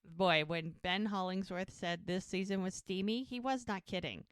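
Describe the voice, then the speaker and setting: A woman's voice: fairly low pitch, moderate pace, smooth, no room sound, clean studio sound. A woman co-hosting a rewatch podcast, retelling scenes in a chatty way with lots of fillers. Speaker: podcast co-host. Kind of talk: casual rewatch podcast chat.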